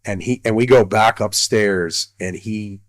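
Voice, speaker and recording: Low-voiced man telling an army story. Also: measured pace, no echo. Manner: rambling, with many filler "like"s and restarts. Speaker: guest, retired army colonel. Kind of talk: casual storytelling.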